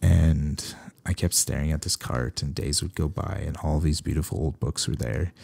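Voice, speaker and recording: A man from Canada, a veterinarian hosting a solo podcast, talking casually with animated, sarcastic asides. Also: rumbling low, normal speed, vocal fry, breathy edge, dry recording.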